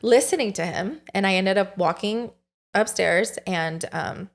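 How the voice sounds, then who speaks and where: Young woman guest, mid-pitched, rushed and profane personal storytelling. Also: creaky. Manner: swears often, fast and breathless. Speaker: podcast guest.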